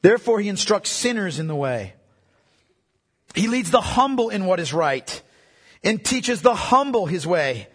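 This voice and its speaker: A man with a high, husky voice preaches a sermon, hammering home key lines by repeating them. He stops to put questions straight to his listeners. His voice rings out through a large hall with a long, lingering reverb. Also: very animated, a little slow, long pauses. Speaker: pastor.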